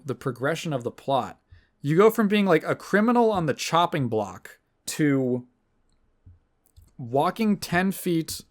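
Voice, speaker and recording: A man hosting a casual podcast, his voice sitting a little higher than most men's. He rambles in a sardonic, loose way, swears freely and stumbles through fillers and restarts. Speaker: podcast host. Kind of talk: casual chat.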